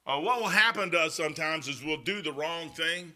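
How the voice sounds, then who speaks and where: Bright-voiced rambling man preaching. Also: on the high side, fairly quick. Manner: rambling, folksy, with fillers; reads scripture aloud in old-style wording. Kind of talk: sermon with personal stories.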